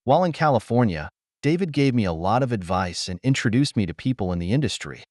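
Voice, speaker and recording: A man narrating a first-person audio story in a steady, even storytelling delivery. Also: medium pitch, fast, no echo, studio quality.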